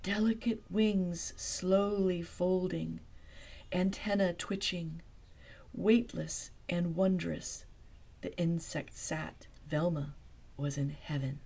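A woman softly narrating a bedtime story, hushed and dreamy, sometimes dropping to a whisper. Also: lowish voice, steady tone, slow, creaky, husky.

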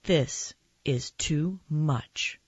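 A fed-up mother, worn out and exasperated, voiced by a woman reading a storybook. She talks low and slow, with a sighing edge. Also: expressive, no room sound, dull audio. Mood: weary.

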